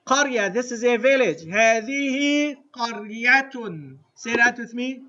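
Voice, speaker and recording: A man teaching an Arabic lesson to a class, drilling phrases slowly and having students repeat. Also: extremely high pitch, animated, sharp tone, lo-fi sound. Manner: slow, deliberate drilling with repetition to the class. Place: mosque classroom.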